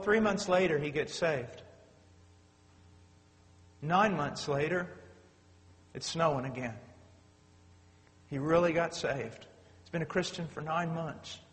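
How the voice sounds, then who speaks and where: A man preaching a sermon, swinging between loud urgent outbursts and quiet, low storytelling. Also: slow pace, pauses often, big-room sound.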